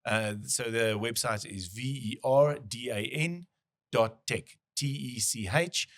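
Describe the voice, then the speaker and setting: A man's voice: mid-range voice, takes it slowly, a bit bright. A man hosting a business podcast, talking casually and thinking aloud with frequent restarts. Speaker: podcast host.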